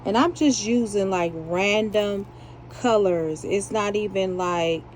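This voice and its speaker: A woman's voice: mid-range voice, slow, slight background noise, low-quality recording. A woman chatting casually while she makes beaded jewelry and laughs at herself. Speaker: jewelry maker. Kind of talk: casual chat while beading.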